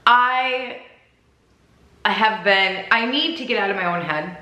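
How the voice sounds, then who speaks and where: A woman's voice: mid-range voice, lively intonation, a little slow, sharp tone, reverberant, rough recording. A woman from Minnesota with a Minnesota accent, chatting and rambling to camera in a vlog, giggling at herself. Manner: rambling, giggly, self-deprecating. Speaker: vlogger.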